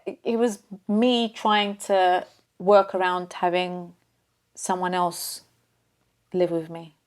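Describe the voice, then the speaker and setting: A woman's voice: fairly low pitch, little pitch movement, takes it slowly, clean tone. A woman chatting as an interview guest, talkative and self-deprecating, easily breaking into laughter. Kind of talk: casual conversation.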